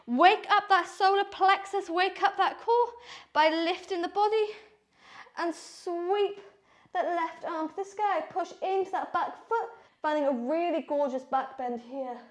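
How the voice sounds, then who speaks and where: A woman's voice: very high voice, a little slow. A woman leading a power yoga class, calling out breaths and poses with encouraging cues while out of breath from doing the flow herself. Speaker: yoga instructor. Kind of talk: guided yoga class instruction.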